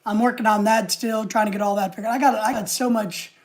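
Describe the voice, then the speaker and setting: A woman's voice: mid-range voice, steady tone, quick pace, darkish tone. A woman hosting a casual live stream, rambling and reading viewer comments aloud.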